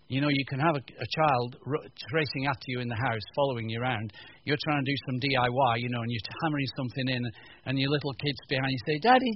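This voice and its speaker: A man from the north of England giving a humorous teaching talk to a live audience, animated and jokey, acting out little scenes. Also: mid-range voice, lo-fi sound, a little hiss or hum. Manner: animated, jokey, acts out voices, stammering restarts. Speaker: preacher.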